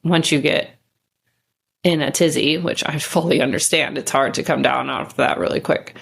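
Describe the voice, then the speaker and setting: Low-voiced woman telling a casual story. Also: normal speed, creaky, slightly rough. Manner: candid and chatty, with casual swearing. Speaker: podcast host.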